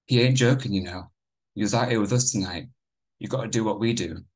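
A man's voice: lowish voice, a little fast, a little mellow, lightly acted. A man voicing a tough teenage gang member who gives hard, urgent warnings. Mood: fuming.

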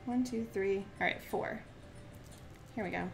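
Fast-talking chatty woman streamer. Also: mid-range voice, gravelly, a little hiss or hum. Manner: fast-talking with many filler words; counts aloud softly while working. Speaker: crafting live-streamer. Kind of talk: chatty live-stream talk while crafting. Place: at home, standing at a desk.

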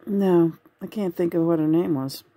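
A woman with a slightly low voice hosts a casual review show. She retells the story in an excitable, swear-heavy way and laughs often. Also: normal speed. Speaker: host reviewing a documentary. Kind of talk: casual chat.

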